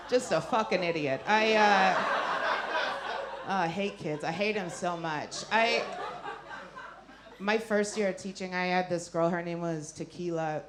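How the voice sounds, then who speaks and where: A woman's voice: on the low side, takes it slowly, pauses often. A woman doing stand-up comedy, telling a story in a brash, profane way and laughing through her lines on stage in a noisy club.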